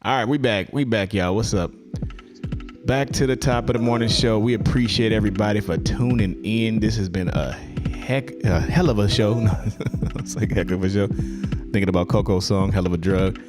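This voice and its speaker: A man's voice: on the low side, normal speed, music in the background. A man hosting a livestream, talking in a loose, rambling way with plenty of fillers. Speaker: livestream host. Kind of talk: casual livestream talk.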